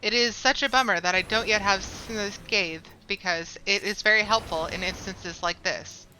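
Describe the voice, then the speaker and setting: A woman streamer giving chatty, excitable commentary while playing a game at her desk mic. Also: medium pitch, normal speed, soft background music, low-quality recording.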